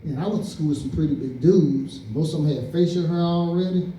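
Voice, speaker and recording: A man's voice: a little high, fairly quick, warm tone, a little hiss or hum. Male stand-up comedian from East Saint Louis, storyteller who acts out quotes, recorded in an echoey club, mic at a distance. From East Saint Louis, Illinois. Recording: roomy club sound from a distance.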